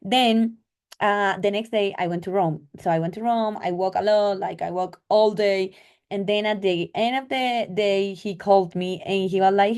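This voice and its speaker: A young woman with a Colombian accent talks through her travel stories in a loose, chatty way. Her voice is mellow and soft-edged. She leans on filler words and acts out the conversations. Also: mid-range voice, normal speed, clear, resonant tone. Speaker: travel vlogger. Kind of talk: casual storytelling.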